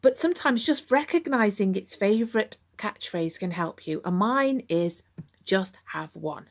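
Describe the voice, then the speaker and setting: A woman's voice: mid-range voice, animated, moderate pace. Woman, middle-aged, candid and chatty, recovery podcast host. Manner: candid, conversational. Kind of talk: podcast monologue.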